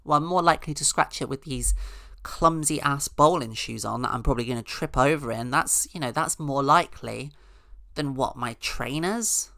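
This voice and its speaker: Sarcastic woman with a bright voice. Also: rumbling low, moderate pace, gravelly, no echo, clean studio sound. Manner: sarcastic, rambling, mock-outraged asides. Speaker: podcast host. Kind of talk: casual comedic monologue.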